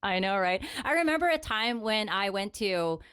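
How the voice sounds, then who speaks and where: A woman co-hosting a casual podcast, telling animated stories and laughing often. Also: medium pitch, moderate pace, clean tone, no echo, clean studio sound. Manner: animated storytelling with frequent laughter. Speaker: podcast co-host.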